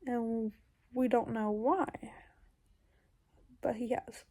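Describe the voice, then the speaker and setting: A woman's voice: fairly high pitch, fairly even intonation, slow pace, warm tone. A woman recounting a dream in casual, rambling storytelling, full of fillers and sometimes dropping into whispers. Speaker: YouTuber.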